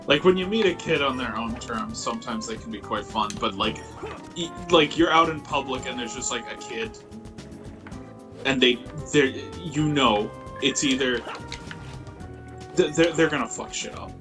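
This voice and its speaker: A man in a casual gaming chat, speaking haltingly and swearing crudely. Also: mid-range voice, over music.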